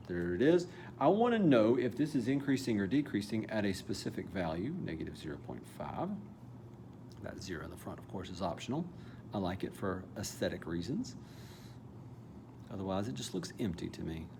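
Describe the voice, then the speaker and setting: A man's voice: low-pitched, big pitch swings, moderate pace, pauses often, noisy background. A man teaching a calculus problem step by step in a casual, thinking-aloud way, now and then correcting himself. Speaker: math teacher. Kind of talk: calculus lesson walkthrough.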